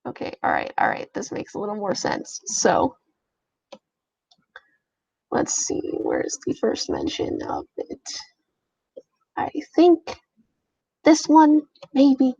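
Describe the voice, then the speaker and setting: A young woman chats through a casual reaction stream, talking to herself with plenty of emotion. Her voice is fairly high and gravelly, with a lively rise and fall. The recording is dry and slightly muffled. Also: slow, pauses often, no room sound. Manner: chatty, emotional, talks to herself. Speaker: streamer reading fanfiction aloud.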